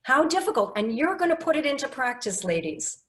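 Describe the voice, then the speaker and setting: A woman leading an online public speaking workshop over a video call, lively and coaxing, reading participants' answers aloud. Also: high voice, fairly quick. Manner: lively, coaxing and emphatic, reads chat replies aloud.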